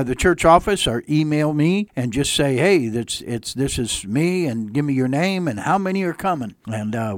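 A man's voice: mid-range voice, no echo. A man preaching as a pastor on a radio sermon, folksy and earnest, repeating phrases for emphasis.

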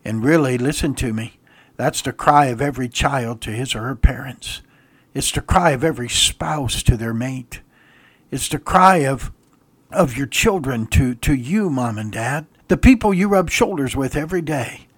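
A man's voice: mid-range voice, lively intonation, moderate pace, slightly rough, dry recording. A man preaching a sermon, exhorting his listeners emphatically and laughing briefly at his own stories.

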